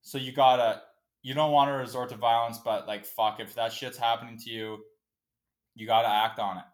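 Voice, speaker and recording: A man's voice: medium pitch, level tone, normal speed. A man hosting a casual solo podcast, ranting in a profane, emotional, fired-up way. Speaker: podcast host.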